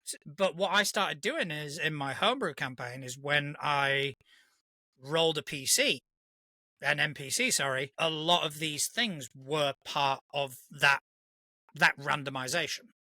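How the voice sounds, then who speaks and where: A man's voice: a little high, a little slow, bright, forceful tone, dry recording, studio quality. A man co-hosting a casual live-streamed podcast, earnest and reflective, often restarting with "you know". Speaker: podcast co-host.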